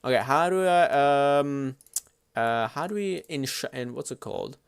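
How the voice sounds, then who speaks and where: A man streaming live at his computer, chatting casually in an excitable, slangy, swear-heavy way. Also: mid-range voice, a little slow, gravelly, smooth, no echo, clean studio sound.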